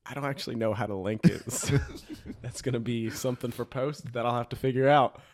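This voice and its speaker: A man's voice: mid-range voice, fairly even intonation, brisk. Joking young man hosting a podcast. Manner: joking, crude, laughs often. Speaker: podcast host. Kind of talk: casual chat.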